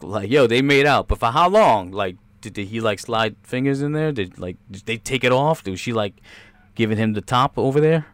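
A man's voice: mid-range voice, no room sound. A man doing crude, rambling comedic commentary over a movie trailer, cursing constantly and slipping into impressions. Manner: profane, rambling, jumps into impressions.

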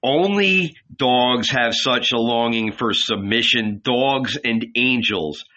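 A man voicing Jesus as a grieving man, protesting with passion in a slow, deliberate reading. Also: medium pitch, bright, forceful tone, dull audio. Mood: indignant. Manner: impassioned, indignant protest.

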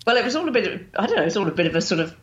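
A woman's voice: medium pitch, very animated, very fast. Chatty English woman on a dull line. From England. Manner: chatty, laughs often, many "sort of" fillers. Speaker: guest. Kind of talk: casual interview.

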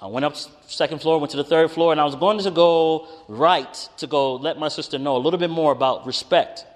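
A man preaching a conversational sermon, telling a personal story with animated, emphatic rises. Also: on the high side, brisk. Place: church hall with congregation. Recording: reverberant hall.

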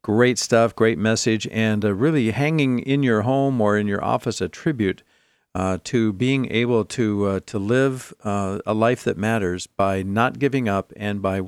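Low-voiced male co-host, reflective. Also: unhurried, clear, resonant tone, no room sound, studio quality. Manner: reflective, with many uh fillers. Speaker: radio show co-host. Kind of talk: talk show hosting.

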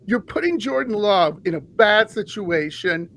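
A man hosting a sports podcast, ranting in an animated, heated way and laughing often. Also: high-pitched, normal speed, hardly any pauses, poor audio. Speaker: podcast host.

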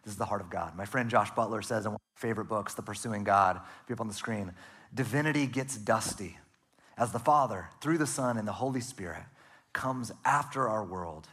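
Husky guy preaching, earnest, goes soft and hushed on the big lines. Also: lowish voice, a little fast. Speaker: pastor. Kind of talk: sermon.

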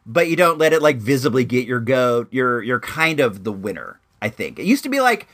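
A man's voice: mid-range voice, sing-song, brisk, fairly bright tone. A young man telling a rambling story in a casual vlog, with lots of fillers and restarts. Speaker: vlogger.

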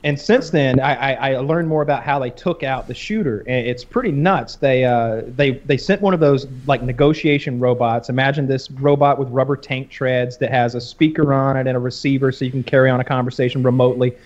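A man's voice: medium pitch, brisk, few pauses. A man co-hosting a podcast in casual chat, telling stories animatedly. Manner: animated storyteller, acts out cartoon voices. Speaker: podcast co-host. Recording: slightly dull lo-fi sound.

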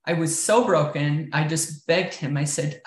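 A woman's voice: low voice, measured pace. A woman telling her personal story of faith as an interview guest, earnest and candid, often saying "like" and "you know". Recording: roomy echo.

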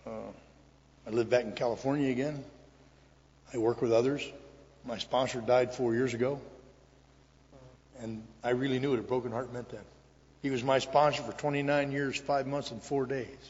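An older man giving an earnest, emotional personal testimony to an audience in a large hall, with pauses and restarts. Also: medium pitch, fairly even intonation, a little mellow. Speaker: recovery meeting speaker. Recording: echoey hall, dull lo-fi sound.

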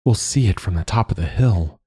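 A man's voice: low voice, lively intonation, normal speed, dark tone, husky, full character voice. A man reading a nervous, riled-up young boy's lines in an audiobook. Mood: uneasy. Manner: tense and uneasy.

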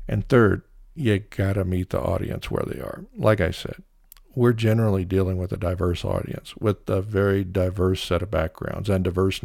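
Deep gravelly man hosting a podcast. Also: a little mellow, no echo, clean studio sound. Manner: measured, opinionated explaining with occasional fillers. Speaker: podcast host. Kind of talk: solo podcast monologue.

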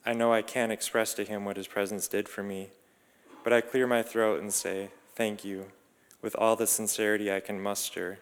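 A man narrates a reflective first-person story with calm, measured delivery. His low, smooth voice has little rise and fall and rings out with a long reverb.

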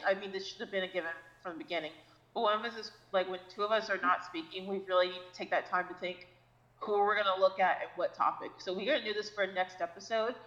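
A woman co-hosting a casual podcast, telling a story in an excitable, profane, rambling way with lots of fillers. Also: mid-range voice, highs cut off. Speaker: podcast co-host.

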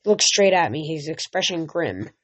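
An amateur reads an audiobook in a mid-range, sing-song voice that's a bit bright and husky, at a moderate pace. She slips and restarts often. The recording is dull and lo-fi.

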